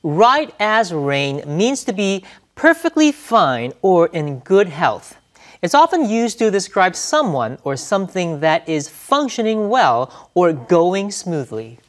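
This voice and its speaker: A woman co-presenting a scripted vocabulary segment in a bright, expressive reading. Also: on the low side, slow.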